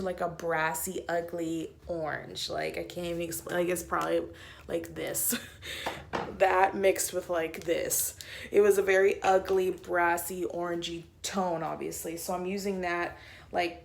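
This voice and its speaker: A woman's voice: fairly low pitch, gravelly. A woman beauty vlogger talking casually through a hair-dye routine, full of "like" and "um" fillers and bubbly when she greets her viewers. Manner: chatty, leans on "like" and "um" fillers.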